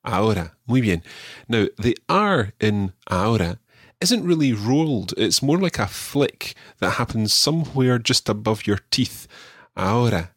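A Scottish man with a low, somewhat husky voice, recorded close and dry. He hosts a language-learning podcast and walks listeners through pronunciation patiently, poking a little fun at himself along the way. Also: very animated, unhurried, no echo. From Scotland. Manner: patient, explanatory, slightly self-deprecating.

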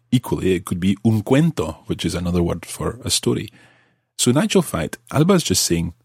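A man, patiently explaining grammar with slow, worked examples on a language-learning podcast. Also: deep voice, a little mellow, husky, no room sound, studio quality. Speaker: language teacher.

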